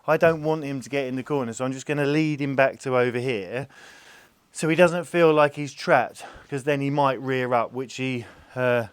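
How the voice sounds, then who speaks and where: A gentle, patient man explains his work with an animal in an easygoing, reassuring way. His voice is smooth and clear at a middle pitch, and it is recorded close and dry with no room sound. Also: normal speed, no room sound. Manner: calm, gentle, patient, soothing the animal softly. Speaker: farm animal carer. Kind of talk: explaining while handling a horse.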